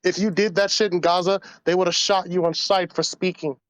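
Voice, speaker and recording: A man's voice: high voice, fairly even intonation, brisk, no echo, low-quality recording. A man hosting a casual podcast, ranting in a crude, rambling way and slipping into voices. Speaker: podcast host. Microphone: voice call.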